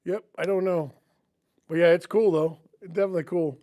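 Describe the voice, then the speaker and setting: A man's voice: sits high, fairly even intonation, a little fast, warm tone. A middle-aged man, hosting a casual garage livestream, chatting with viewers and telling stories with chuckles. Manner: folksy storytelling with chuckles.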